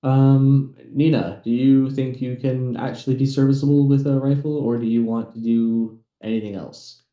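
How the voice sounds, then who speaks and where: A man playing his ship captain in a tabletop game, speaking hesitantly with many pauses and ums. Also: medium pitch, little pitch movement, echoey room, muffled recording.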